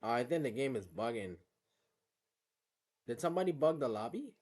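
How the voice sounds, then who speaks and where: His mid-range voice swings widely in pitch at a normal speed and has a slightly mellow quality. Streaming a racing game, the man chats casually with slang and plenty of laughter, his West African English heard over the phone call in laid-back gaming banter.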